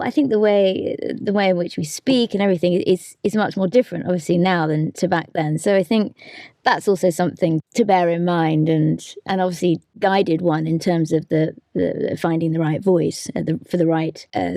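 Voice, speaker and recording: A woman audiobook narrator talking over her work in a relaxed discussion, thoughtful and hesitant, with frequent laughter. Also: lowish voice, normal speed, gravelly, dry recording, studio quality. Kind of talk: conversational discussion.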